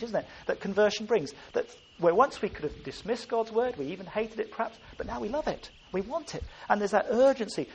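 A man's voice: high voice, slight background noise. A man preaching a sermon, earnest and emphatic, often restarting his phrases.

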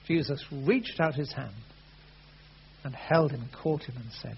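A man preaching a sermon, earnest, rising loud and then falling soft. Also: medium pitch, a little slow, gravelly, pauses often, slightly rough. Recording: dull lo-fi sound with faint hum.

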